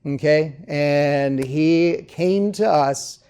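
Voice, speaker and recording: A dentist being interviewed, telling patient stories in a casual way and often checking in with "okay?". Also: male voice, on the high side, extremely slow, mellow, smooth. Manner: storytelling, keeps adding "okay?". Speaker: dentist guest. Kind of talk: conversational interview.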